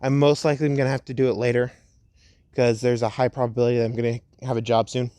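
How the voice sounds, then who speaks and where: A young man at home casually narrating a fan story, rambling and laid-back, slowing down for the dramatic parts. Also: medium pitch, little pitch movement, mellow, no echo.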